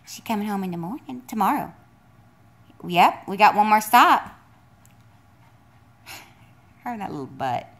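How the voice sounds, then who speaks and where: A woman's voice: mid-range voice, sing-song, a little slow, pauses often, background noise. A woman pet sitter talking to a dog in sing-song baby talk. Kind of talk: talking to a dog while filming. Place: home with a dog.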